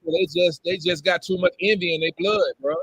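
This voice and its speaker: A man's voice: high-pitched, fairly even intonation, a little fast, fairly bright tone, slightly rough, no echo, low-quality recording. A man talking bluntly on a casual live stream, slangy, ending lines with "bro".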